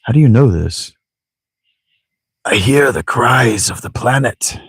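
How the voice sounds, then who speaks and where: A man voicing a wise old elder who chuckles "ho ho ho" and speaks slowly, with a gravelly, husky voice. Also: medium pitch, lively intonation, no echo, studio quality, pitched above the performer's own voice, exaggerated voice. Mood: sage. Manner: chuckling "ho ho ho", slow measured speech.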